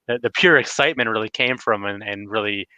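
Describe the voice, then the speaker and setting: A man's voice: fairly low pitch, fairly quick, bright, forceful tone, dry recording. Rambling man on dull lo-fi audio. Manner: rambling, heavy on fillers and restarts. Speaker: retro collecting YouTuber. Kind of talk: casual livestream chat.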